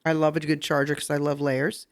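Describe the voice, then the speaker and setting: A woman's voice: low-pitched, brisk. Woman teaching etiquette on a podcast. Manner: instructive, explains step by step with "okay?" and "right?"; laughs and gets lively when telling stories. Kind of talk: casual podcast chat. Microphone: podcast microphone.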